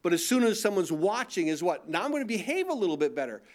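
A middle-aged male pastor delivers a sermon in a relaxed, conversational manner. His voice sits slightly higher than most men's, and he often asks rhetorical questions and repeats his words as he goes. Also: quick pace.

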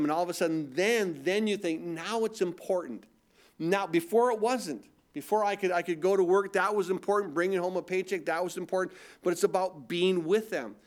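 A middle-aged man preaching a sermon in a conversational way, asking rhetorical questions and often repeating words. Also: fairly high pitch. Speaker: pastor.

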